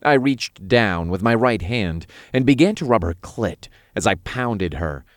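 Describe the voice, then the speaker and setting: Low-voiced male story narrator. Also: animated, measured pace, dry recording, studio quality. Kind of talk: scripted first-person narration.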